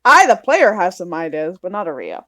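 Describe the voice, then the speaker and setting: A woman player narrating her character's actions in a tabletop game, soft and hesitant. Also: lowish voice, sing-song, moderate pace, no room sound.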